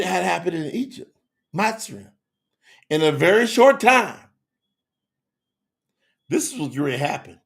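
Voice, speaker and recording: A middle-aged man teaches scripture to a live online audience in a high voice with a gravelly fry. His preacherly, fervent delivery swings widely, moving from loud shouts to hushed, intimate asides.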